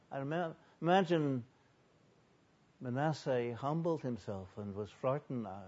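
Slow, earnest preacher, muffled recording. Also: male voice. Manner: slow, earnest, swells loud on repeated lists then drops low. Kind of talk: sermon.

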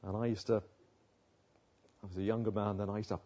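Older male pastor, husky and mellow. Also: on the low side, level tone, normal speed, lo-fi sound. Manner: earnest preaching with rhetorical tag questions. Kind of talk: sermon.

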